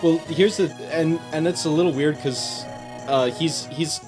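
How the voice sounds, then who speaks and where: A man guesting on a let's play casually commentates a video game, rambling, hesitant and often restarting. His voice is on the high side with fairly even intonation and a slightly slow pace, over video game music.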